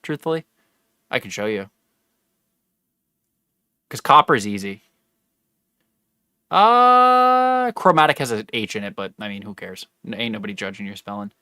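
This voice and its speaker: A man's voice: on the low side, very animated, normal speed, pauses often, pushed and bright, clean tone, dry recording, clean studio sound. A young man chatting casually with his live-stream viewers while he plays, rambling and correcting himself as he goes. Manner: rambling, self-correcting, talks to chat.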